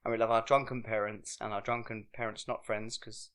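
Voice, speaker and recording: A man's voice: lowish voice, level tone, a little fast, a bit bright. A young man from England, co-hosting a podcast, telling rambling stories in casual pub chat. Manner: rambling storytelling with frequent laughter. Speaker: podcast co-host.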